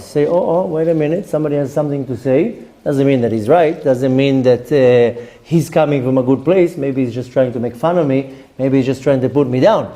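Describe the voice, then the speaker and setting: A man's voice: mid-range voice, warm tone. A middle-aged man giving an informal Torah class, talking conversationally with many fillers and restarts and acting out quoted voices. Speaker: rabbi teaching a Torah class. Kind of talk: informal Torah lecture with personal stories.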